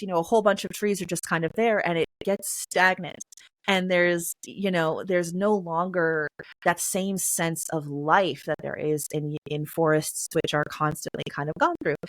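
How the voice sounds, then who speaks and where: Lowish voice woman chatting away in an interview, lots of fillers, dry sound. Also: fairly bright tone, no echo. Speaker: guest, poetry reader. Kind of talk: casual interview answers.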